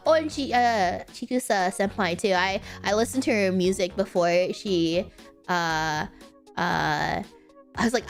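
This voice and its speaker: A woman's voice: mid-range voice, a little slow, soft background music. A woman chatting casually as a streamer, rambling with lots of fillers and restarts, giggling often and apologizing for mispronouncing names. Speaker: streamer answering viewer questions. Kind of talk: casual chat.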